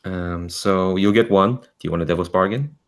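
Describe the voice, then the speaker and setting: A man running a tabletop game as game master, narrating in a rambling, halting way full of fillers and restarts. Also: low voice, fairly even intonation.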